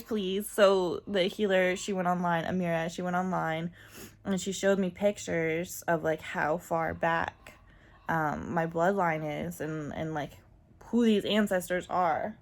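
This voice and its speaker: A woman with a low, gravelly voice talks openly to her viewers in a casual vlog. She rambles a little and fills pauses with ums and likes. Her tone stays frank and personal. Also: steady tone. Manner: chatty and candid, many fillers, laughs often. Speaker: vlogger.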